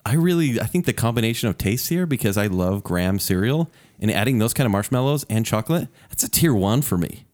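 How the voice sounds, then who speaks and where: A man co-hosting a podcast in casual, animated, jokey chat. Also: on the low side, fast. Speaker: podcast co-host.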